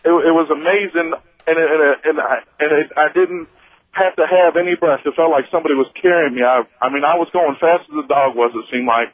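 A man's voice: a little high, no room sound. Tinny-voiced man calling a radio show. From Missouri, US. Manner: halting, with many restarts and fillers. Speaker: radio caller. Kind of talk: telling a personal story on a call-in show. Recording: tinny phone line.

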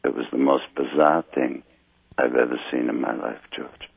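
A slightly drunk man calling in to a radio show, telling a long story in a rambling, halting way over a phone line. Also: extremely low pitch, fairly even intonation, gravelly, breathy edge, dry recording. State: a little drunk. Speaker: caller. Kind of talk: call-in radio chat.

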